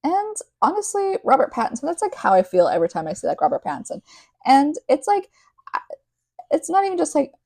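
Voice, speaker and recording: A woman's voice: sits high, big pitch swings, a little fast, gravelly, dark tone, no echo. A young woman reading a novel aloud and breaking off into rambling, casual commentary, peppered with "like". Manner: chatty, rambling, heavy use of "like". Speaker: podcast host.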